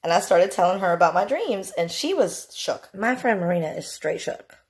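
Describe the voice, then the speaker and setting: A woman's voice: lowish voice, animated, moderate pace, slightly rough. A woman in her forties telling a long personal story to a phone camera in a blunt, swear-heavy way. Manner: profane, emphatic and blunt. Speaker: TikTok storyteller.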